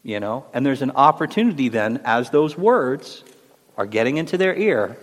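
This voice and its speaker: Expressive and medium-pitched, this male host's voice moves at a moderate pace as he leads a faith discussion on a Christian talk show. He's earnest, encouraging and preacherly, and the audio is roomy with a long reverb tail.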